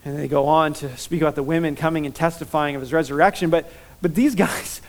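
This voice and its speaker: A man preaching a sermon as pastor, enthusiastic and animated, telling stories with quick repetitions. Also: fairly high pitch.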